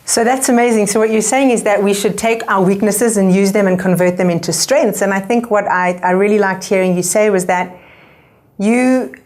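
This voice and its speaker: A woman's voice: mid-range voice, moderate pace, darkish tone. Enthusiastic woman hosting an interview. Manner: enthusiastic, sums up the guest's points. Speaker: interview host. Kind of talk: conversational interview.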